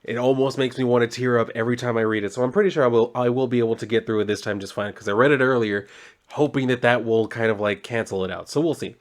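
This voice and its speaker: A man's voice: mid-range voice, steady tone, fast. A man casually recapping a comic book story, rambling loosely with lots of fillers and some mild swearing.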